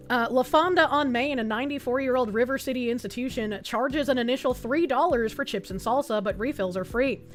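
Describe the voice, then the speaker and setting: High-voiced profane woman streamer. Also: a little fast, hardly any pauses, soft background music. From United States. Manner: rambling, profane, laughs often. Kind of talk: casual stream chat reading an article.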